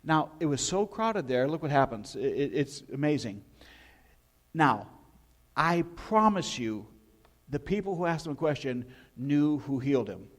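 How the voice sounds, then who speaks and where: Animated preacher telling a story. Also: male voice, a little high, measured pace. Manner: animated storytelling, questions to the congregation. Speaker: pastor. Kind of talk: sermon.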